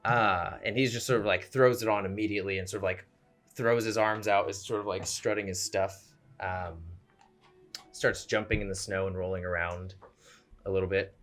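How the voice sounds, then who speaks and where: A man's voice: lowish voice, fairly even intonation, moderate pace. A young man narrating a tabletop game as game master, rambling with many fillers, on a home mic over a voice call.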